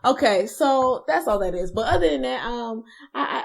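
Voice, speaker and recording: A young woman co-hosting a casual chat show, talking in an animated way and acting out little voices as she tells stories. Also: mid-range voice, moderate pace, gravelly, hardly any pauses. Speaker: co-host.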